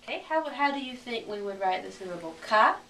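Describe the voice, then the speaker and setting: A woman teaching a recorded lesson, speaking slowly and clearly and repeating each word for her learners. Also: mid-range voice, animated, pushed and bright, reverberant, recorded from a distance, slight background noise.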